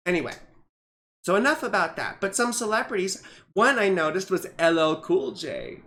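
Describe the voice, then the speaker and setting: A woman's voice: low-pitched, big pitch swings, normal speed, a bit bright. A middle-aged woman astrologer in a casual vlog. She rambles through asides and keeps checking in with tag questions, recorded on a camera mic.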